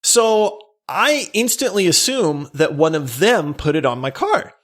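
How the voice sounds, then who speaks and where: A man co-hosting a podcast, telling a story in an animated way, laughing and breaking into near-shouts. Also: high voice, unhurried. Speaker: podcast co-host.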